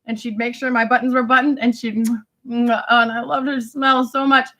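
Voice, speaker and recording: A woman talking to friends in a rambling, animated monologue, laughing often and swearing casually. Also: on the high side, normal speed. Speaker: vlogger addressing family friends.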